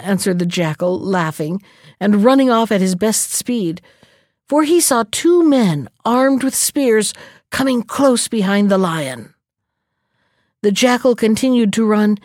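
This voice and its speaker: A woman reading a storybook aloud as narrator, expressive and lively. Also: mid-range voice, dry recording, studio quality.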